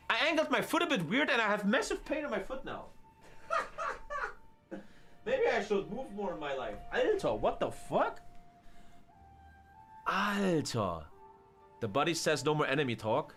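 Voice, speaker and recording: A man's voice: wildly swooping pitch, a little slow, long pauses, faint music behind. A man, commenting live on his own strategy game and swearing a lot. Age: 30s. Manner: swears a lot, jumps into loud high yelps. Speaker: streamer.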